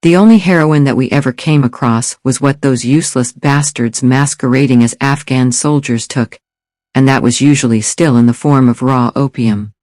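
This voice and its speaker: A man voicing a blunt, profane former soldier, speaking a little higher and louder than the narration. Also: normal speed, no echo, clean studio sound, lightly acted. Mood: indignant. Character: gruff, foul-mouthed male ex-soldier, confused.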